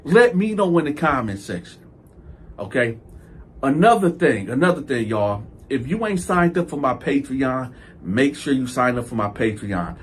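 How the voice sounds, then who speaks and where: A man's voice: normal speed, slightly rough. A man hosting a storytelling channel, telling a story to his viewers in a loose, slangy way and acting out both sides of the conversation. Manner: animated, acts out both sides of a story with raised pitch for himself; loose slangy delivery, addresses viewers as y'all.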